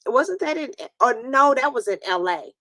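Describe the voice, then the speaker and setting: A chatty woman from New York hosts a casual live stream in a high, sharp voice with lively intonation, speaking at a moderate pace with no echo. She laughs often and plays around with her viewers.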